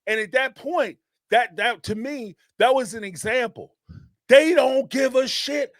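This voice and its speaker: A man with a high voice talks through a live commentary stream, animated and emphatic, often repeating a line to hammer it home. The sound is dry and close. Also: measured pace, no room sound. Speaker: host of a reality TV commentary channel.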